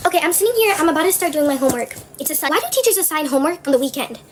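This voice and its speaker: A woman's voice: sits high, animated, very fast, noisy background. A woman ranting casually in an exasperated, emphatic way. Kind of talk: casual rant.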